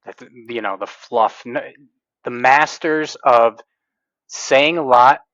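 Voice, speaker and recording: A man's voice: mid-range voice, takes it slowly, fairly bright tone, no room sound. A man co-hosting a casual sports podcast who talks emphatically, like a passionate fan. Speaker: podcast co-host. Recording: dull lo-fi recording.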